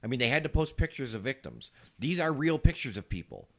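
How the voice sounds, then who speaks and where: A man's voice: mid-range voice, huge pitch swings, fairly quick, creaky. A man co-hosting a casual podcast, reasoning aloud and arguing his points through rhetorical questions. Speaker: podcast co-host.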